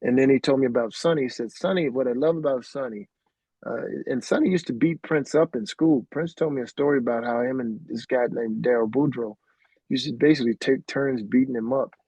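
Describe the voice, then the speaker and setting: A man's voice: mid-range voice, fairly quick, mellow, slightly rough, no echo. A middle-aged man from Arkansas, an interview guest, telling rambling anecdotes peppered with "man". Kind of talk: casual storytelling interview. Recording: dry, dull lo-fi sound.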